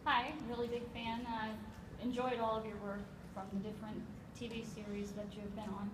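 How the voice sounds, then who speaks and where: A woman's voice: a little high, flat delivery, normal speed. A woman fan asking an actor a question at a convention panel, eager and gushing. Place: large convention hall. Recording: echoey hall, distant mic, crowd noise.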